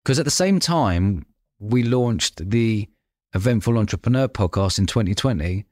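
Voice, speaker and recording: Speaking at a normal pace, a male podcast host with a fairly low voice spins relaxed anecdotes, voicing the people he quotes and laughing frequently along the way. It's a dry, close recording.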